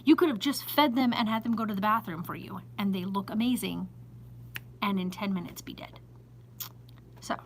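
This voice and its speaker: A woman's voice: medium pitch, moderate pace, long pauses, slight background noise, poor audio. A woman vlogging to a handheld phone in her small store, chatty and exasperated, often laughing and emphatic. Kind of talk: casual chat to camera.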